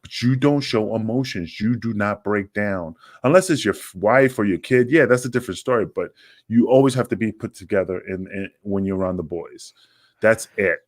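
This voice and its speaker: Man, low voice, dry close mic, casual rambling chat. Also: normal speed, no echo. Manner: rambling, animated storytelling with acted quotes. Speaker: podcast co-host, former wrestler.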